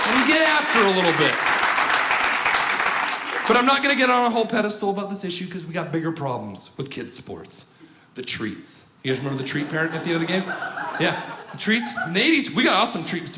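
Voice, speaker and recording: A man's voice: high-pitched, heavy background noise. A man in his thirties doing a stand-up comedy routine, acting out voices and checking in with the crowd. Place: comedy club stage. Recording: roomy stage with loud audience laughter.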